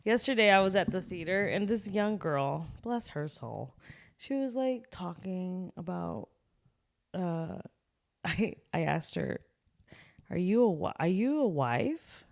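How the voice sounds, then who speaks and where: Expressive woman teasing in podcast chat. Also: lowish voice, slow, vocal fry, dry recording, studio quality. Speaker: podcast co-host. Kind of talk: casual chat.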